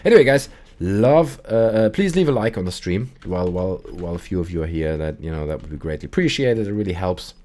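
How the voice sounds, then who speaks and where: A deep-voiced man, a streamer and call-in show host, rambles quickly through a casual gaming stream chat. His storytelling is animated, with put-on voices for quotes.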